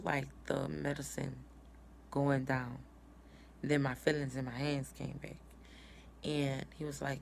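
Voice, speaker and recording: Woman, low voice, gravelly, casual storytelling vlog, faint background noise. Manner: casual, retells dialogue in quotes. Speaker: mother telling birth story.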